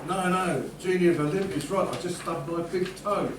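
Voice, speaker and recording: A man's voice: high voice, normal speed. A man playing a bumbling, indignant genie in an amateur panto comedy. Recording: echoey room, far from mic, noisy.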